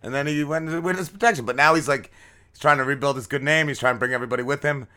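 A man's voice: mid-range voice, rapid-fire, pushed and bright. A man co-hosting a podcast, rambling in crude, profane banter with mumbled asides. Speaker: podcast co-host.

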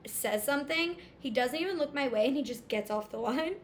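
A woman's voice: high voice, expressive, fairly quick, slight background noise. A young woman animatedly telling a story in casual chat, acting out the dialogue. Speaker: storyteller guest.

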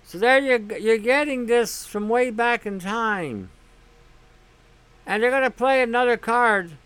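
High-voiced blunt, profane man. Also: unhurried, fairly bright tone, smooth, dry recording. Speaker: host. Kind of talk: casual monologue.

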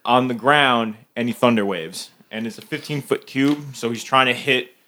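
Bright, forceful male player, playful and chatty. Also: medium pitch, moderate pace. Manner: playful, laughing, describing his character's actions. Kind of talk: casual tabletop play.

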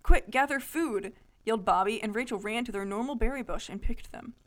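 A woman's voice: on the high side, fast. A woman co-hosting a casual podcast, reading a childhood story aloud and breaking off to laugh and comment. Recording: lo-fi podcast audio.

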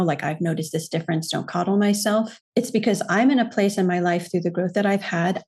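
A woman who works as a coach, a podcast guest speaking in a thoughtful, earnest and measured way. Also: lowish voice, darkish tone, breathy edge. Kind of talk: reflective podcast conversation.

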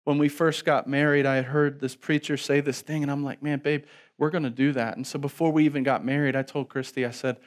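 A man who is a pastor preaching a sermon, moving between soft pleading passages and loud, emphatic calls to the congregation. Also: mid-range voice, flat delivery, brisk. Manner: asks the congregation to respond aloud.

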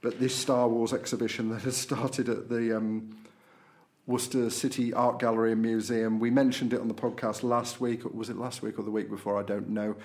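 A man's voice: mid-range voice, flat delivery, fairly quick, darkish tone. A man hosting a podcast, chatting casually through local and political news with frequent fillers. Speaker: podcast host.

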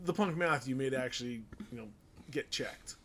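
A man's voice: mid-range voice, normal speed, a bit bright. A man co-hosting a casual podcast, talking in a rambling, self-deprecating way. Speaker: podcast co-host.

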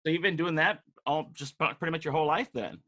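A man's voice: fairly high pitch, fast, a bit bright. A man hosting a podcast interview, upbeat and chatty. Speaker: podcast host. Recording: music playing behind the voice.

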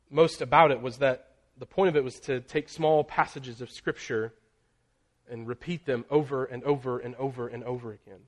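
A man preaching a sermon, building in intensity through emphatic lists and dropping to a near hush on key phrases. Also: medium pitch. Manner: slows and drops very soft on key phrases.

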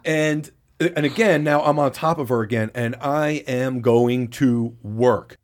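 A man's voice: medium pitch, measured pace. Candid, profane man telling a story. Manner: candid, profane, blow-by-blow recounting. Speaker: podcast co-host. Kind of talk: casual storytelling chat.

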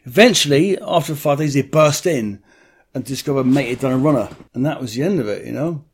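A man's voice: mid-range voice, fairly quick, slightly rough. A middle-aged man, telling a story bluntly in an interview, swearing freely and acting out other people's voices.

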